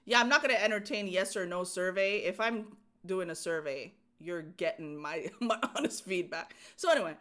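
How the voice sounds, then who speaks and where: Bright-voiced woman telling stories. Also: fairly low pitch, normal speed, hardly any pauses. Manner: animated storytelling with frequent laughs and fillers. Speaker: podcast co-host. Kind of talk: casual chat.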